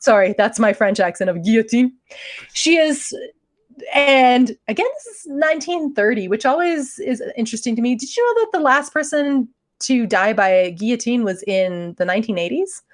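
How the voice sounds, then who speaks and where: Laughing, high-voiced woman podcast host. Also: moderate pace. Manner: animated, joking, laughs often. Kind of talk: casual true-crime storytelling chat.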